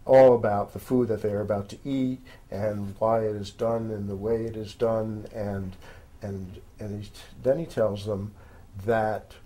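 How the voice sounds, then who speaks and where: A man's voice: fairly low pitch, steady tone, a little slow, dark tone. A man, a magazine editor, chatting informally about weekend picks, rambling with many fillers and addressing listeners as folks. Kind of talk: casual spoken recommendations.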